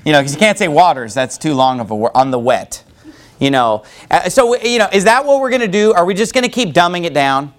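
A man preaching a sermon to his congregation, sarcastic and mocking, with quick asides. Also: on the high side, animated. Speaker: pastor. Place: church building with congregation.

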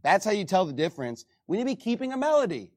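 A male pastor delivers a sermon with an animated, preaching manner. His voice sits high and swings widely in pitch. He often reads scripture aloud between his points. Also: racing.

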